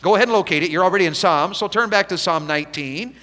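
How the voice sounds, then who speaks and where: A man preaching a revival sermon with a high, bright, ringing voice. He swings from hushed, slow pleading to loud exhortation that climbs even higher. The sound carries a long reverb from a church hall. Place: church sanctuary.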